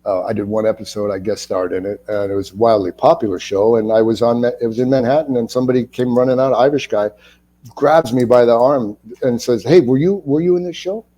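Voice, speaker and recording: A man in his sixties, from Ohio, chatting as an interview guest and telling lively stories in which he acts out other people's lines. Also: mid-range voice, a little fast. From Ohio, United States. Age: 60s. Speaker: actor, guest. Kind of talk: casual interview storytelling.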